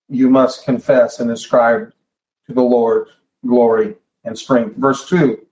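A man's voice: medium pitch, warm tone. A man preaching a Bible study sermon in a church hall, talking in a conversational way and often restarting and repeating phrases. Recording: echoey room.

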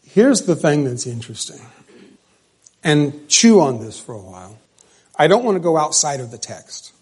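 A man's voice: fairly high pitch, big pitch swings, normal speed, breathy edge. Emphatic preacher, a man. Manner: emphatic, swings between loud stresses and quiet drops. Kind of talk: sermon.

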